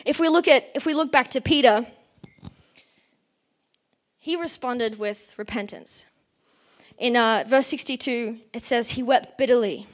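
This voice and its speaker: A woman's voice: a little high, measured pace, pauses often. A young woman preaching a sermon, mixing a personal story with scripture in an earnest, conversational way. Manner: earnest, conversational, with bursts of excited animation.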